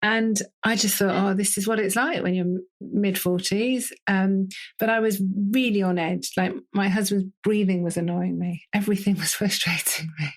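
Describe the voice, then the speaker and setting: A woman's voice: medium pitch, moderate pace, few pauses. British woman, 50s, candid, chatty guest who laughs easily. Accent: British English. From Britain. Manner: lively, laughs often, tells stories with quoted speech. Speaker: doctor being interviewed. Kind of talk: candid conversational storytelling.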